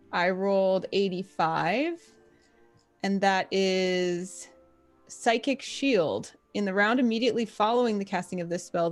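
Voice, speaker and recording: A woman playing a tabletop game, thinking aloud and reading rules out in a casual way. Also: mid-range voice. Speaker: player.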